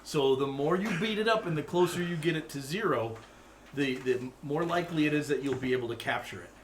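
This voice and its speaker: A man narrating as game master in a tabletop game, relaxed and chuckling, with many fillers. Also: on the high side, a little fast, a little hiss or hum.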